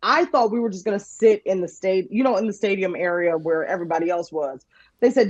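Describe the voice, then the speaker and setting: A woman guest on a podcast, telling an animated story with lots of laughter and voices for the people she quotes. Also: mid-range voice, quick pace, dry recording, highs cut off. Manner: lively, laughing, acts out quotes in shifting voices.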